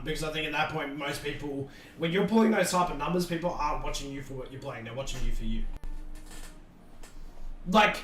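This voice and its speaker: A man's voice: a little high, pushed and bright, far from the mic. A man hosting a casual livestream podcast, thinking aloud and rambling with many restarts. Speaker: streamer and podcast host. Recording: echoey room, off-mic, faint background noise.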